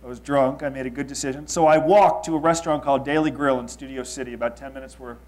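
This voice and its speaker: A man in his thirties from Los Angeles, telling a confessional story to an audience. He swings between loud emphasis and quiet asides. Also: medium pitch, steady tone, quick pace. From Los Angeles, United States. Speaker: speaker.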